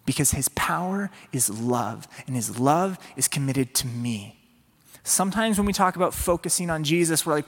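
A man delivers a sermon with an earnest, conversational manner. His voice sits a little high for a man. It carries a long hall reverb, as in a church sanctuary. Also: animated, normal speed, fairly bright tone. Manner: earnest, voices Peter's inner plea in a raised pleading tone. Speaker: preacher.

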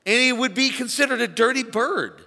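A man preaching an animated sermon to a church congregation, calling on them to shout along. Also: very high-pitched, normal speed, vocal fry. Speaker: pastor. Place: large church auditorium. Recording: long hall reverb.

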